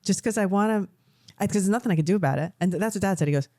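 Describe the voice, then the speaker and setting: Racing along in a warm, mid-range voice, this middle-aged podcast co-host chats casually and spins emotional, rambling stories. The studio sound is clean with no echo.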